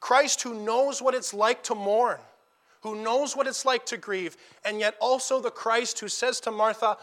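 Earnest guy preaching, high bright voice, gets quiet then builds up loud and emphatic. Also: fairly even intonation, a little slow. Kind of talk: sermon.

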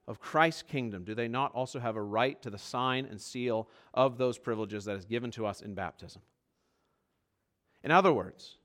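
A man delivers a sermon in a slightly high, bright, forward voice. He swings from loud, urgent emphasis to low, quiet stretches and slows right down to press home his key phrases. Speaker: pastor.

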